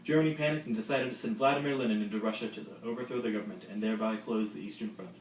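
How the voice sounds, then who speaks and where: A man's voice: on the low side, rapid-fire. Teen boy presenting a school project. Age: late teens. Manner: dry, joking asides. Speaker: student presenter. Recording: roomy, distant mic, faint noise.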